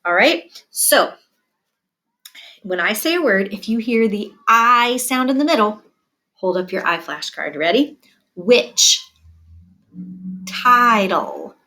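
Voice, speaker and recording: Slow, clear-speaking woman teacher. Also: on the high side, animated, sharp tone, poor audio. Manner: slow, clear, sounds out words. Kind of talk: early reading phonics lesson.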